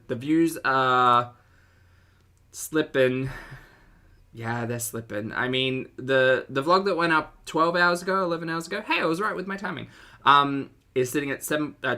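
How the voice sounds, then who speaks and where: A man's voice: medium pitch, sharp tone. A man hosting a casual livestream commentary, chatty and sarcastic, laughing often and greeting his chat viewers.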